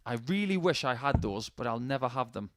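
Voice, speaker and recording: A man's voice: medium pitch, sing-song, brisk, noisy background. Chatty male darts commentator. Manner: chatty, anecdotal, jokey asides. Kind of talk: live sports commentary.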